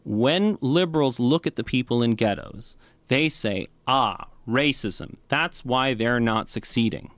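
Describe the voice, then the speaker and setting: A man's voice: on the low side, dry recording. Man lecturing on a podcast, dry studio sound. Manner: lecturing, with many "right?" and "you know" asides. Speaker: podcast guest. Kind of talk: explanatory podcast talk.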